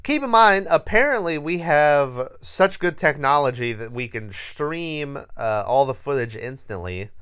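A man's voice: on the high side, animated, a little slow, hardly any pauses, fairly bright tone, smooth. A man co-hosting a podcast, recapping a horror movie in a rambling, profane, laughing way. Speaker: podcast co-host.

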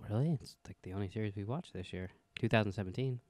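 A man's voice: fairly low pitch, quick pace, no room sound. A man co-hosting a casual podcast, blunt and sarcastic, swearing freely. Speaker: podcast co-host. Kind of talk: casual chat.

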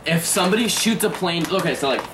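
A teenage boy spinning animated stories in casual talk, swearing freely and talking over others to hold the floor. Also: on the high side, quick pace, close to an everyday voice. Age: teens. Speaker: teenager in a group. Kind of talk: casual improvised conversation. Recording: distant mic with steady ambient noise.

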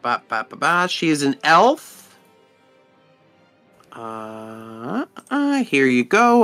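A man narrating as dungeon master in a tabletop game, halting, with many fillers. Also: medium pitch, sing-song, bright, forceful tone, soft background music.

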